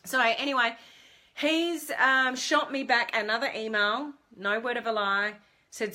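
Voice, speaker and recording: A middle-aged woman giving a casual live video talk as a business mentor, telling a story in a chatty, animated way with lots of fillers. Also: fairly high pitch, measured pace.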